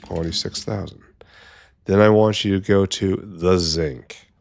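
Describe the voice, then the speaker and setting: Man, deep voice, slow-paced, casual gameplay commentary, wry muttered asides, keyboard typing behind. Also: steady tone, vocal fry. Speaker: gameplay streamer.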